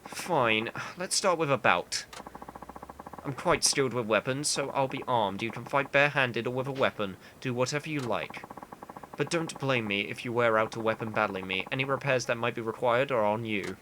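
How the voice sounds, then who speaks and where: A man voicing a whiny, haughty young male aristocrat and weapons master in a video game, with a deep voice and a condescending, scolding manner. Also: moderate pace, background noise, close to an everyday voice. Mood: instructive. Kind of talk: reading game dialogue aloud.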